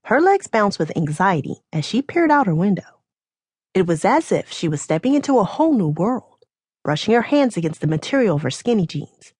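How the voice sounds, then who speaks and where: A woman reads a novel aloud as an audiobook narrator. Her voice rises and falls a great deal as she tells the story, with an expressive delivery. The recording is close and dry, with no room sound. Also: medium pitch, husky, dry recording. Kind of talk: scripted narration.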